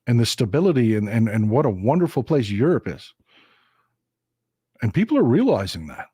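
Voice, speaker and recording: A man's voice: medium pitch, very animated, normal speed, warm tone, breathy edge, no echo, clean studio sound. Emphatic Texan man doing a political monologue. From Texas. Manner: emphatic, repetitive, addresses viewers as folks. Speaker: live-stream political commentator.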